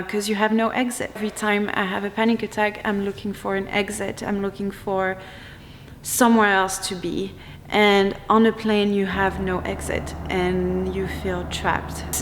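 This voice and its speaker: A woman's voice: mid-range voice, slight background noise. Emotional young woman vlogging in a reverberant room. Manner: emotional, halting, many restarts and fillers. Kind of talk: personal vlog storytelling.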